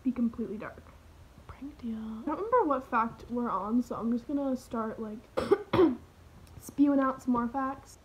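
A woman's voice: a little high, animated, normal speed, rough recording. A teenage girl rambling through a parody vlog in her bedroom, full of fillers and drifting into whispers. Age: teens. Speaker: vlogger.

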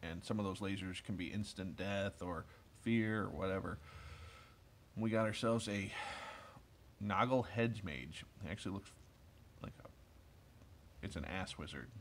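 A man in his thirties chats his way through a pack of cards, enthusiastic and full of asides and fillers. His voice sits a little low. There is a faint ambient hum behind him. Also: unhurried, long pauses. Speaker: card collector opening packs. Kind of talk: casual rambling commentary while opening cards.

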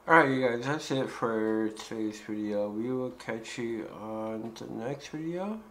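A man's voice: mid-range voice, unhurried, a bit bright, a little hiss or hum, poor audio. Joking man playing a video game. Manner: joking, talks back to game characters. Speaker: gaming YouTuber. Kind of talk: casual let's-play commentary.

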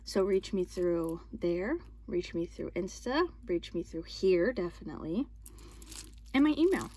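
A young woman in a casual haul vlog, chatting and gushing excitedly as she shows what she bought. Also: fairly low pitch, a little slow. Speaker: vlogger showing her purchases. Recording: clear background noise.

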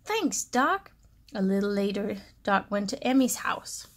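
A woman reading a children's storybook aloud in an animated, sing-song way. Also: medium pitch, moderate pace.

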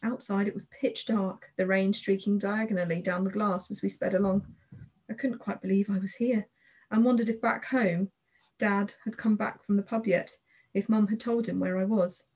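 A woman narrating a children's novel in the first person, reading in a gentle, measured and expressive way. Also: medium pitch, breathy edge. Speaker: audiobook narrator.

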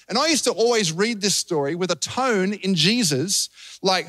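High-voiced Australian pastor preaching. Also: male voice, normal speed, no echo. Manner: animated storytelling, acting out voices. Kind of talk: sermon.

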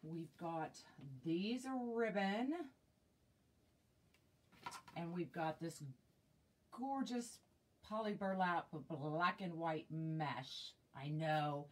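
A woman's voice: lowish voice, very slow, pauses often, slight background noise. A woman hosting a live wreath-making demonstration, chatting with viewers and thinking aloud with fillers, recorded on a tablet. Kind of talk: casual live craft demonstration. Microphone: tablet mic.

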